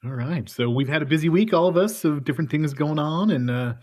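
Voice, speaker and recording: A man's voice: fairly high pitch, fairly quick, darkish tone. A man hosting a podcast, laid-back and joking, chatting with his co-hosts. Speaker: podcast host. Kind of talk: casual podcast chat.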